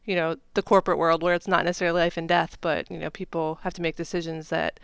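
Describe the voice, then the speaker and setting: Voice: mid-range voice, flat delivery, fast talker, vocal fry, a bit bright, clean tone, no echo. A podcast host interviewing a guest, encouraging with frequent affirmations. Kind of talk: conversational interview.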